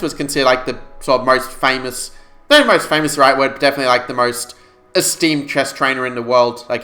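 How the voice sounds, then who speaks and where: Live-streaming chess puzzles, a man in a mid-range voice calculates out loud and walks his audience through the moves in an easygoing way.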